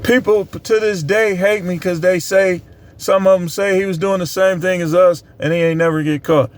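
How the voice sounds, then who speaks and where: A middle-aged vlogger with a fairly high-pitched voice talks straight to camera in a casual monologue. He's blunt and preachy, stressing his words hard, at a moderate pace.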